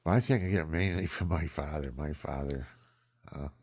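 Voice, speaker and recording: A man's voice: rumbling low, brisk, darkish tone, slightly rough. A man in his seventies telling rambling, frank family stories in a meandering, chuckling way. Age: 70s. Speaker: vlogger. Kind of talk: rambling personal storytelling.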